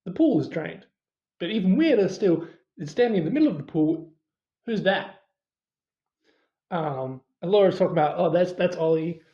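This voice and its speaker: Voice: mid-range voice, expressive, normal speed, long pauses, mellow, reverberant, dull audio. A movie reviewer casually retelling a horror film's plot, with many fillers and quoted asides.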